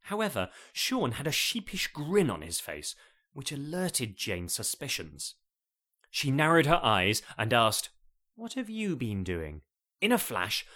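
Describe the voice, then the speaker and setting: A man's voice: medium pitch, a bit bright. A man narrating a comic story in a wry, playful way.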